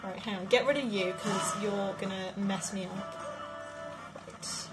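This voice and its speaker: A woman giving casual let's-play commentary, chatting and muttering to herself, with sudden loud frustrated outbursts. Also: medium pitch, steady tone, unhurried. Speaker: gaming video creator. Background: game music.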